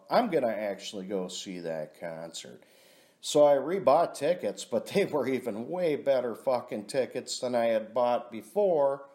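A man's voice: mid-range voice, warm tone. A middle-aged man telling a rambling personal story in a casual vlog, swearing often and calling himself "your buddy". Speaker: vlogger.

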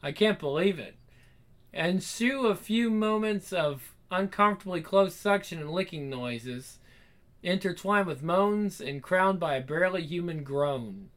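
A man narrates a first-person adult comedy story with a wry, animated delivery and casual swearing. His voice sits a little high and sounds bright and forceful. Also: measured pace.

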